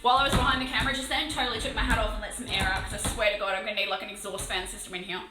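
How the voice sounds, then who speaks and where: An Australian woman chatting casually on a live stream while painting a model, excitable and swearing freely. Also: medium pitch, racing, echoey room, music in the background, low-quality recording.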